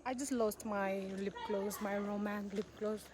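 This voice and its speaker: Slow-talking young woman outdoors. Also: mid-range voice, fairly even intonation, noisy background. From Nagaland, northeast India. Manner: chatty, exclamatory, thinks aloud. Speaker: vlogger. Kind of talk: casual walking vlog. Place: outdoors on a rural farm.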